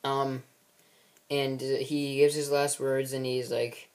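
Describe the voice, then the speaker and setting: Guy rambling thru a plot recap, lots of ums and uhs, mid pitch. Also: little pitch movement, takes it slowly, a little mellow. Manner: rambling, with many ums and restarts. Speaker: amateur film maker recapping his series. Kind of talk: casual recap of a story.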